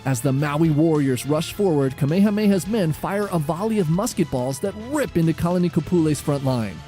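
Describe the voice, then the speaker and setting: Man, documentary narrator, dramatic measured delivery, warm mellow tone, slightly high. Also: lively intonation. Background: faint music.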